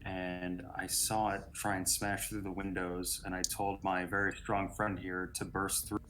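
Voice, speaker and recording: A man's voice: deep voice, flat delivery, measured pace, fairly bright tone, slight background noise. A man playing in a tabletop game, earnestly explaining his character's actions. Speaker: player. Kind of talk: casual tabletop role-play.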